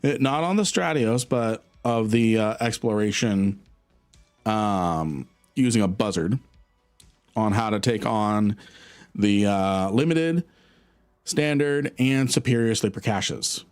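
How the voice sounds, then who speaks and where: A man streaming a game, answering chat in a relaxed, rambling way with frequent laughter. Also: fairly low pitch, slow pace, clear, resonant tone, faint music behind. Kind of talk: casual live-stream chat.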